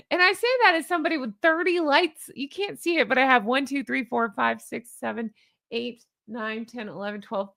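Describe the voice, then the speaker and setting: A woman in her forties with a fairly high voice talks through a casual commentary vlog. She is sarcastic and exasperated and laughs often. The sound is dry and close, with no room echo. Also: vocal fry, fairly bright tone. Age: 40s. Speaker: commentary vlogger.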